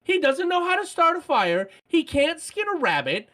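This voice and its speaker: A man's voice: very high voice, big pitch swings, normal speed, bright, forceful tone. A man guesting on a podcast in casual chat, joking in a playfully over-the-top way.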